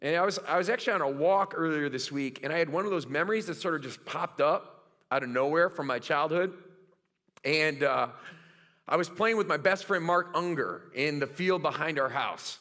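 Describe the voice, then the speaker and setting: A middle-aged man preaching from the pulpit, spinning stories with lively, self-mocking humor. His voice is bright and ringing, and it sits somewhat high for a man. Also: normal speed. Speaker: pastor. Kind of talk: sermon.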